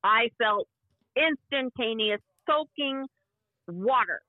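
A woman in her fifties recounts a personal story as a guest, reliving it vividly and voicing each person's words. Her voice sits a little high and comes through a thin, tinny phone line with no room sound at all. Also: expressive, slow pace, no room sound. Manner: vivid, emotional retelling that acts out past dialogue. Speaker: interview guest. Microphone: phone call.

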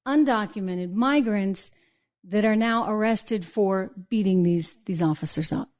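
A woman's voice: mid-range voice, measured pace, a little mellow. A woman from New Hampshire hosting an opinion show, indignant and full of rhetorical questions. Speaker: host.

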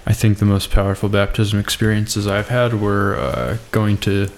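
A man co-hosting a podcast, speaking slowly and haltingly. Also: fairly low pitch, slight background noise. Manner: slow, halting. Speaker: podcast co-host. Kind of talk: casual discussion.

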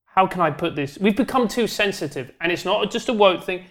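High-voiced man, animated. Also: brisk. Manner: animated, joking, rambling with restarts. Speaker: podcast guest. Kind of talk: casual chat.

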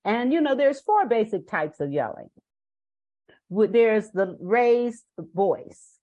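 A woman's voice: on the high side, big pitch swings, takes it slowly, phone-quality sound. An older woman, a parenting guest on a podcast interview, who speaks in an earnest, emphatic storytelling manner.

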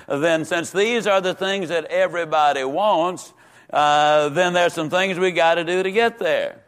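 Brief: older male Sunday school teacher, slightly high voice, emphatic and repetitive, drawn-out stresses. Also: fairly bright tone. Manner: emphatic, repeats words for stress, slows on key phrases. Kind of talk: sermon-style Bible teaching.

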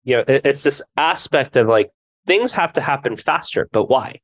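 A man's voice: medium pitch, lively intonation, normal speed. A man speaking as a founder guest in a podcast interview, reflective and earnest. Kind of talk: conversational interview.

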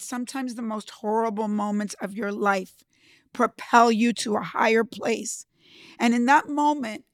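A woman's voice: medium pitch, fairly bright tone, no room sound, clean studio sound. A woman entrepreneur telling her own story in an emphatic, emotional way, often speaking straight to the listener. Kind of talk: personal storytelling talk.

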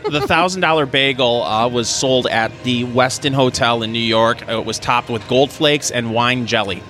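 A man's voice: mid-range voice, moderate pace, bright, forceful tone, faint music behind. Hesitant man chatting on a podcast. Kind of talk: casual podcast chat.

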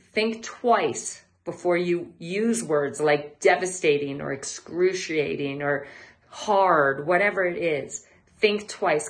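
A woman, an athlete, hosting her own show with a motivational monologue, speaking in a measured way and slowing down to stress key words. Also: on the low side. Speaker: host.

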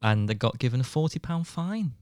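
A man's voice: mid-range voice, expressive, a little fast, a little mellow, no echo, clean studio sound. Young man telling a story. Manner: rambling anecdote with acted-out quotes and laughter. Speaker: podcast co-host. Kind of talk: casual storytelling chat.

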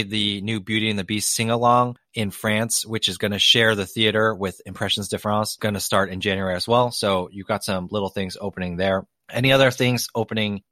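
Low-voiced man in a dry-sounding room. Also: no room sound. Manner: relaxed, conversational, steering the topics. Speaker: podcast co-host. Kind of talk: casual chat.

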